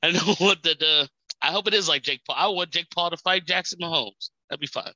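A man with a very bright, forward voice, recorded close and dry with no room sound. He rambles through a casual chat, stumbling and restarting, laughing often. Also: on the high side, a little fast, dry recording, highs cut off. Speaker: podcast co-host.

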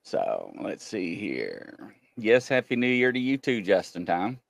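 Male live-stream host, low voice with lively swings, jokey and chatty, dry sound. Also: unhurried, creaky, dry recording. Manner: greets viewers by name, jokey and chatty. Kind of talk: casual live-stream chat.

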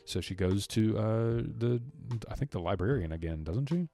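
A man's voice: lowish voice, lively intonation, moderate pace, warm tone, no room sound. A man co-hosting a podcast, loosely retelling a film's scenes and acting out the characters' lines. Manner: loose, rambling, many restarts. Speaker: podcast co-host. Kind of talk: casual movie recap chat.

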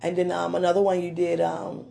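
A woman rambling through a personal message to a man, gushing and giggling often, with a slight lingering throat-clearing. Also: fairly low pitch, completely flat delivery, brisk, dark tone. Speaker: admirer speaking to a man on video.

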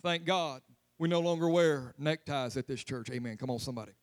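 A man's voice: mid-range voice, fairly quick. A man preaching a humorous, conversational sermon as pastor in a church. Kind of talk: lively sermon. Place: church sanctuary.

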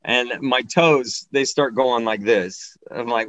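A man performing a stand-up comedy set, telling a story in an animated way and acting out the voices of the people in it. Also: medium pitch, measured pace, no room sound, lo-fi sound.

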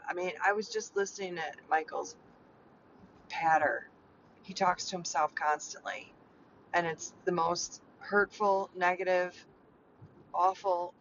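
A woman's voice: on the low side, fairly bright tone. A middle-aged woman hosting her own podcast, talking in a rambling, chatty way full of fillers. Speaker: podcast host, clarity coach. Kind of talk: casual personal monologue. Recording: slightly dull lo-fi sound with faint noise.

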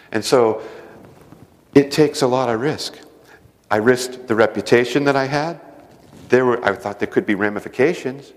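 A man preaching a sermon, telling personal stories earnestly, going from loud emphasis down to a hushed voice. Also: mid-range voice, in a large hall. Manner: earnest storytelling, swings from loud emphasis to hushed near-whisper. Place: church service hall.

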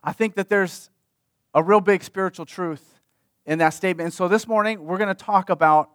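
A man delivers a sermon with a fairly high voice. The sound is dry and close, with no room echo. He preaches in a conversational way and circles back on his key phrases to stress them. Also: normal speed, fairly bright tone, clean tone. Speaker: pastor.

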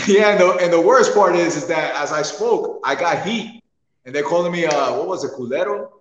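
A man in a casual wrestling podcast chat, telling his stories with lots of laughter. His mid-pitched voice rings out in an echoey room with a long reverb tail. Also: normal speed, dull audio. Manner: laughs often, animated storytelling. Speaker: wrestler guest.

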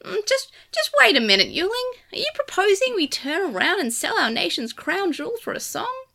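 Woman playing an unkempt male grad student, matter-of-fact, bright tone. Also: extremely high pitch, wildly swooping pitch, brisk, vocal fry, voice pushed up, heavily acted. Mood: indignant.

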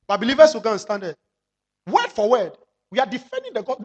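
A pastor preaching a sermon, firing rhetorical questions at the congregation and drawing out key phrases slowly for emphasis. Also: mid-range voice, very animated, slightly rough.

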